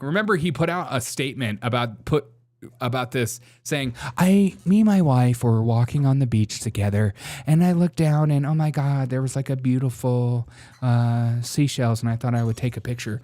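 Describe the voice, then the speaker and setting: A man's voice: mid-range voice, a little mellow. A young man hosting a casual political comedy show, chatty and mocking, laughing often. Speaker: host.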